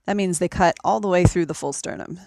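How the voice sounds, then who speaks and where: A woman talking in a relaxed conversation over a remote call, explaining things step by step with frequent ums. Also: fairly low pitch, fairly quick, dry recording. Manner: methodical, explanatory, with many ums. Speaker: podcast guest. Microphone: remote call recording.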